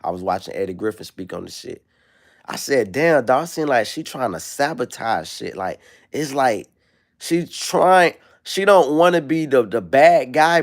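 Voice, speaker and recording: A man hosting a livestream, ranting in a casual, profane and slangy way. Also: a little high. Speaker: livestream host. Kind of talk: casual rant.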